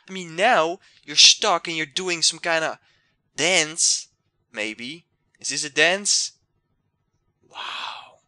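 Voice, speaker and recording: A young man giving excitable let's play commentary, yelling and trash-talking the game. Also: a little high, a little slow, no room sound. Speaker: gamer.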